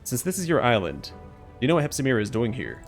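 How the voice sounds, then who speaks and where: A man's voice: medium pitch, wildly swooping pitch, fast talker, soft background music. A man voicing a blunt, skeptical commander questioning a demon.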